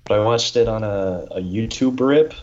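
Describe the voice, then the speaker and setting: A man on a casual film podcast, talking haltingly with many pauses and restarts. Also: lowish voice, a little mellow, lo-fi sound. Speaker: podcast co-host. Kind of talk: casual film review chat.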